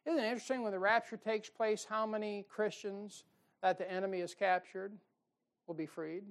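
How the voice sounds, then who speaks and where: A man preaching a sermon in a folksy, animated way, asking the congregation questions and drawing out key words for emphasis. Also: sits high, normal speed.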